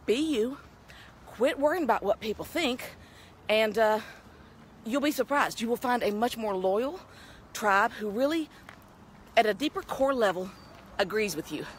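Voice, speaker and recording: Lively, chatty Texan woman. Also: on the high side, slight background noise. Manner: chatty, upbeat, folksy. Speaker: vlogger. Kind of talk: casual talking-head vlog. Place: outdoors on a town street, walking.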